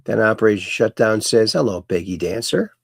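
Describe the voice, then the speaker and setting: A man's voice: on the low side, animated, a little fast, gravelly, breathy edge, no room sound, clean studio sound. A man hosting a casual livestream, reading out viewer comments and chatting along in a rambling, folksy way that often repeats itself. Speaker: livestream host.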